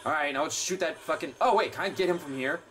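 A man's voice: a little high, quick pace, a bit bright, a little hiss or hum. A man playing a horror game and commenting as he plays, swearing and ranting at the enemies. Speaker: gameplay streamer. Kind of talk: let's play commentary.

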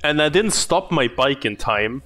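A man's voice: mid-range voice, animated, unhurried, bright, forceful tone, soft background music. A young man streaming a video game, chatting casually and rambling about his day while swearing freely. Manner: profane, rambling, laid-back. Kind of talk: casual gaming commentary.

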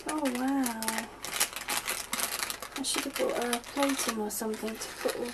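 A middle-aged woman gushing softly as she opens a parcel at home, with lots of delighted exclamations. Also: a little high, fairly even intonation, unhurried, very noisy. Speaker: vlogger opening happy mail. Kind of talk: unboxing chat. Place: at home in a conservatory.

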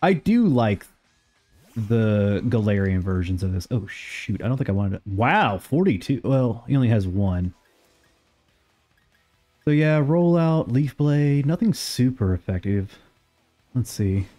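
A young man streaming a game and chatting casually, rambling along with sudden excited outbursts. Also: mid-range voice, measured pace, pauses often, soft background music. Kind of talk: casual live gameplay commentary.

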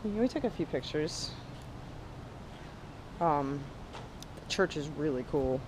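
A woman vlogging casually, chatty and excitable, talking in quick bursts as she explores. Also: deep voice, noisy background. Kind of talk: casual vlog chat. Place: indoors, exploring and in a music store. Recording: music playing loudly behind.

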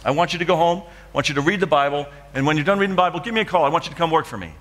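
Guy doing a calm older limo driver, gentle, fatherly, slightly high voice. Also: very fast, long reverb tail, close to an everyday voice. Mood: advising.

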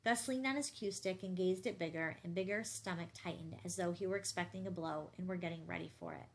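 A woman narrating a novel as an audiobook, measured and intense. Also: lowish voice, slight background noise.

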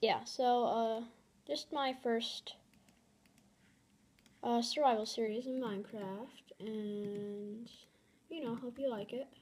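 A woman's voice: a little high, fairly even intonation, slow, long pauses, a little mellow, breathy edge. A young woman giving casual, dramatic commentary over her own gameplay. She is easily flustered and repeats her exclamations. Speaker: gamer.

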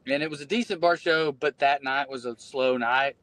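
A man's voice: medium pitch, normal speed, fairly bright tone, dry recording. A man with a Southern US accent, a podcast co-host and comedian chatting casually in a wry, blunt way. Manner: wry, blunt, repeats himself. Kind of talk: casual chat.

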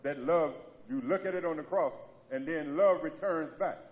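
A man delivering a sermon in a church, his somewhat high voice ringing out with a long echo through the large hall. He preaches with emphasis and repetition, calling on the congregation to answer him. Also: normal speed, phone-quality sound. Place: church sanctuary.

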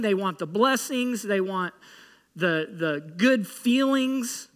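A man's voice: high-pitched, bright, forceful tone, in a large hall. A man preaching an emphatic sermon as pastor, pressing his point with rhetorical questions. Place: church sanctuary.

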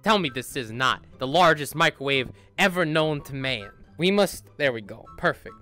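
A man doing goofy, excited commentary while playing a VR game, with loud outbursts. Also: on the high side, moderate pace, soft background music. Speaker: gaming YouTuber.

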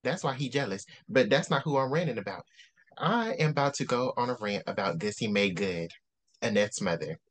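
A man's voice: mid-range voice, animated, brisk, fairly bright tone, slight background noise. A man co-hosting a casual book discussion, ranting heatedly and repeating lines for emphasis. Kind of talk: animated casual book rant.

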